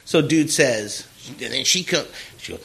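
A man's voice: mid-range voice, unhurried, gravelly, breathy edge. A man hosting a casual podcast, telling a story with lots of swearing, laughing and acted-out voices of the people in it. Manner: animated storyteller, acts out quoted people, swears freely, laughs often. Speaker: podcast host.

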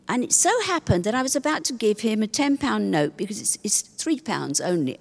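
An older woman telling a personal story to the congregation in a chatty, animated way, acting out what others said. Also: medium pitch, gravelly. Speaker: congregation member sharing a testimony. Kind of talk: personal story told in church. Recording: church hall with long reverb.

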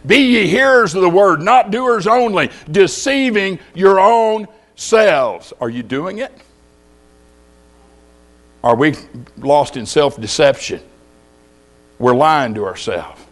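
A middle-aged man preaching, his voice sitting a little high for a man. He speaks in a folksy, storytelling way and keeps asking the congregation direct questions. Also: lively intonation, slow, pauses often. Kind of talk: sermon.

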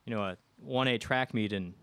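A man's voice: mid-range voice, fairly quick, smooth, dry recording. A man from the American Midwest, a guest telling a casual anecdote on a podcast, acting out quotes from the people in it. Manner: animated, acts out quotes from the people in his story. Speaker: guest storyteller.

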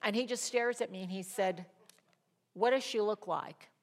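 A middle-aged woman teaching a Bible study, telling a personal testimony in an animated, storytelling way, talking fast and pitching her voice up high at the emotional moments.

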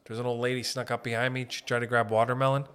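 A man with a medium-pitched, smooth voice talks at a racing clip. He hosts a podcast and comes from Northern Ontario, Canada, spinning profane, rambling comic stories as animated anecdotes in a comedic storytelling chat.

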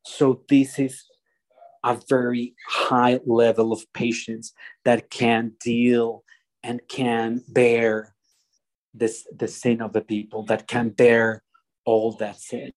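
A man preaching a sermon, slow and deliberate, often restarting his phrases as he explains a passage. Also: mid-range voice, flat delivery, no room sound, low-quality recording.

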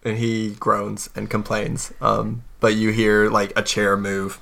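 A man's voice: fairly low pitch, flat delivery, takes it slowly, vocal fry, a bit bright. A man narrating a tabletop game as game master, casual and full of fillers.

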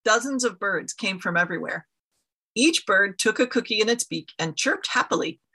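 A woman reads a children's story to her congregation. She tells it in a gentle way. Her voice is bright and noticeably husky. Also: medium pitch, animated, moderate pace. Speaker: interim leader of an ethical society. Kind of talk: reading a children's story aloud.

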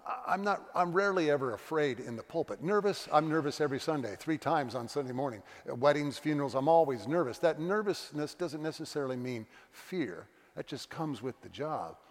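A middle-aged pastor preaching a sermon, earnest and confessional, telling stories with voiced quotes. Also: male voice, fairly high pitch, animated, fairly quick, few pauses. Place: church sanctuary. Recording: long church reverb.

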